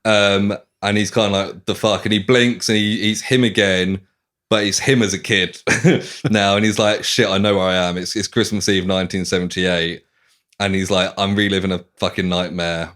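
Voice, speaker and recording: In a casual podcast chat, a man retells the plot of a novel, animatedly voicing the characters' lines with swearing and laughter. His voice is on the low side, and he speaks at a normal speed.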